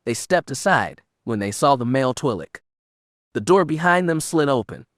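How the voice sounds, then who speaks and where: A man reading an audiobook narration in an even, measured way. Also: mid-range voice, dry recording, clean studio sound. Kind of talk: scripted narration.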